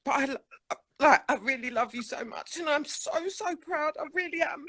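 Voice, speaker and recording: A woman's voice: high voice, lively intonation, normal speed, fairly bright tone, slight background noise, poor audio. A woman chatting with a friend on a call, emotional, laughing and tender. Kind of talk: casual chat on a call.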